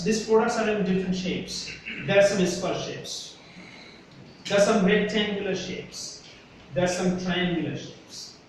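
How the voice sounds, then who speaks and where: A man with a Bangladeshi English accent and a high-pitched, slightly bright voice lectures a university class. He is emphatic and keeps checking in with his students, asking "Yes? Clear?" The classroom is echoey, heard from a distance with a faint hiss.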